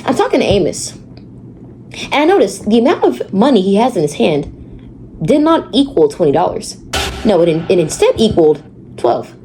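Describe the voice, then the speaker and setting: A teenage girl telling a story on her vlog, dramatic and animated, repeating words for effect. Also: medium pitch, moderate pace, pauses often, slight background noise. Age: teens. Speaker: vlogger. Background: background music.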